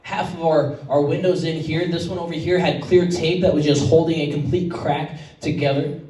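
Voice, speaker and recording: A man's voice: fairly high pitch, steady tone, moderate pace, dark tone. A man, a pastor, preaching a sermon in a conversational storytelling way. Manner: conversational storytelling, choked up at times. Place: church sanctuary. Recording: echoey church hall from far off.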